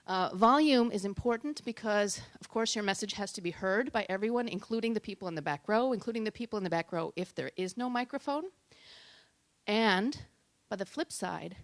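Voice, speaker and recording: A woman giving a talk on public speaking at a tech meetup, lively and shifting between loud and soft for emphasis. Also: medium pitch, a little fast, no echo. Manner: lively, varies loudness and pace for emphasis.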